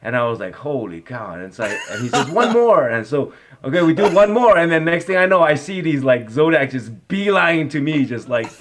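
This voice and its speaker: Rambling fifties actor telling stories. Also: male voice, a little high, fairly quick, hardly any pauses, a little hiss or hum. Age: 50s. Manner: rambling, lots of "you know" and "like", animated when reliving a story. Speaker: actor, interview guest. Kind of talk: casual interview storytelling.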